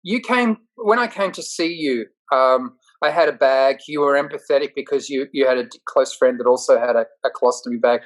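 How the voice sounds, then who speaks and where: Quick-witted comedian man. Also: medium pitch, rough recording. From Australia. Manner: quick, punchy comic delivery, self-deprecating. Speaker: comedian guest. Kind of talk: candid interview talk.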